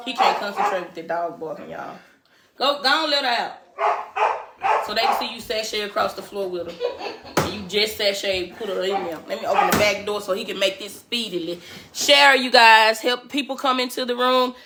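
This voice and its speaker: In her thirties, a woman hosts a casual livestream from her living room, chatty, teasing, and laughing often, with a medium-pitched voice and brisk pace. The sound is roomy with heavy background noise.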